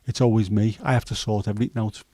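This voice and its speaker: A man in his fifties with a Scouse accent and a hoarse throat, hosting a casual chat livestream in a rambling, jokey way with many fillers. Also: fairly low pitch, little pitch movement, fast talker, warm tone, no echo. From Liverpool, England. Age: 50s. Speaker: livestream host.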